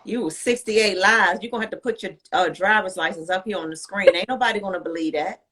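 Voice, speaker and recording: A woman's voice: medium pitch, fast, sharp tone. A woman hosting an interview, playful and teasing, asking blunt questions. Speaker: podcast host. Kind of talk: interview chat.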